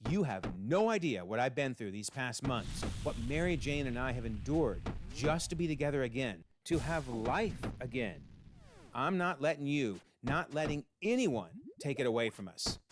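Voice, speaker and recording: A man's voice: mid-range voice, lively intonation, moderate pace, natural voice. A man voicing a determined male superhero defending his family, firm and resolute, over a noisy home recording.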